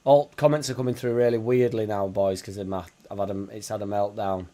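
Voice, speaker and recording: A man's voice: lowish voice, fairly even intonation, a little fast, warm tone. Swearing Yorkshire man on a livestream. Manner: blunt, swearing, chatty banter. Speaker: livestream host. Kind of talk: casual watchalong chat.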